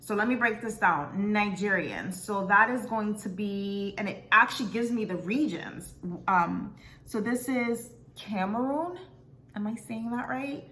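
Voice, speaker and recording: A young woman from South Florida vlogging casually as she reads out her results, with many ums and pauses to check how words are said. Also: medium pitch, sharp tone. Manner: chatty, many ums, unsure of pronunciations. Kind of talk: casual vlog, reading results aloud.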